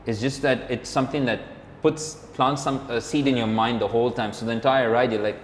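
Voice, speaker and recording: A man's voice: medium pitch, steady tone, fairly quick. Rambling man in an echoey room. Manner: rambling, filler-heavy, acts out quoted dialogue. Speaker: podcast co-host, motorcyclist. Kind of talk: casual storytelling chat. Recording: roomy, reverberant room with faint background hum.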